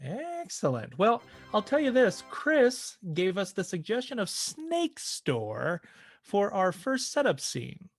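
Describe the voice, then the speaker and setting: A woman's voice: medium pitch, wildly swooping pitch, slow pace, faint music behind. A woman co-hosting a live improv show, chatty and upbeat as she reads out suggestions. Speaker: co-host reading chat suggestions.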